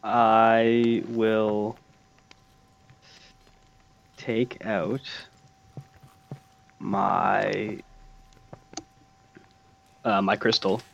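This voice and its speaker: Slow-talking man playing his character. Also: on the low side, flat delivery, gravelly, muffled recording, a little hiss or hum. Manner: narrates his character, swears casually. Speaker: player. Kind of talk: casual tabletop role-play.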